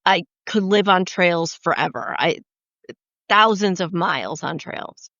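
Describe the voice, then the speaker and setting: A woman's voice: lowish voice, unhurried, sharp tone, no echo, highs cut off. A woman co-hosting a casual book podcast, blunt and swearing, often restarting her sentences. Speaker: podcast co-host. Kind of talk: casual chat.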